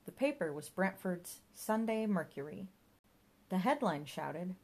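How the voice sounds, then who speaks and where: A woman's voice: fairly low pitch, animated, a little slow, a little mellow. A woman narrating a comic audiobook in a dry storytelling manner.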